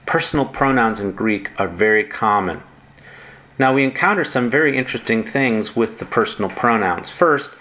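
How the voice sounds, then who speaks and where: A man with a fairly low voice delivers a grammar lecture at an unhurried, deliberate pace. He works through forms one by one in a steady, methodical way. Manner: slow, methodical, reciting word forms one by one. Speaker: Greek grammar teacher. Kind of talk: recorded lecture.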